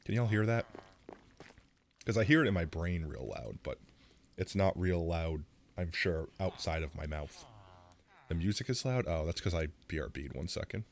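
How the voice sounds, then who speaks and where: A man's voice: low voice, animated, moderate pace, pauses often, slight background noise. A man streaming live with a sore throat, rambling casually into a close mic while he plays. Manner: rambling, self-deprecating, reacts loudly.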